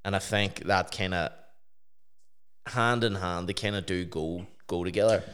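A man's voice: fairly even intonation, a little slow, fairly bright tone, smooth. A young man telling stories and swearing casually on a podcast. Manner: swears freely, storytelling in a low mumble. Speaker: podcast co-host, DJ.

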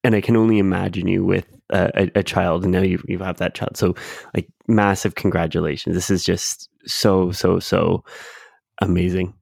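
A man's voice: low voice, level tone, normal speed, creaky, darkish tone, dry recording, clean studio sound. A young man, co-hosting a casual podcast, laid-back and swearing casually. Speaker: podcast co-host.

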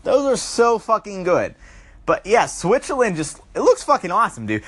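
A young man with a high voice goes off in a profane comedic rant, tossing "bro" onto half his lines. His pitch swings wildly, from yelps at the top to mumbled asides near the bottom, and he keeps climbing into full yelling whenever he gets worked up. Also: huge pitch swings, moderate pace. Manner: loud, swearing, keeps tacking on "bro"; riled up, climbing into yelling at peaks.

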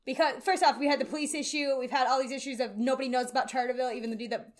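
High-pitched lady podcast co-host, excitable and animated, swears a lot, casual chat. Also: very fast.

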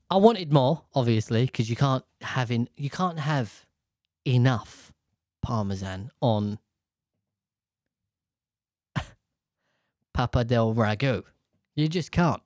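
Guy rambling on a podcast, animated, slips into silly voices, dry close sound. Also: medium pitch, slow pace, long pauses, dry recording. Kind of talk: casual chat.

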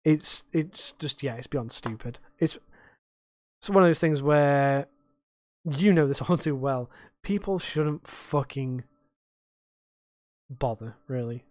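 A man's voice: medium pitch, slow, pauses often, no room sound, clean studio sound. A young man co-hosting a podcast, ranting and swearing in casual chat about life as a bartender. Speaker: podcast co-host.

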